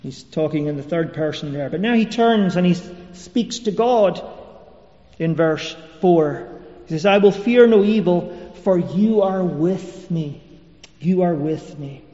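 Male preacher, earnest and repetitive, warm voice, roomy dull recording. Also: sits high, a little slow. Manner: earnest, repeats key phrases for emphasis. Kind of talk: sermon. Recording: echoey hall, dull lo-fi sound.

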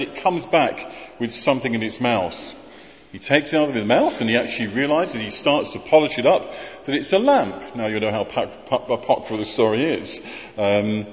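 A man preaching a sermon, conversational and wry, asking rhetorical questions. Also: medium pitch. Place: church. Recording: muffled voice in a reverberant church.

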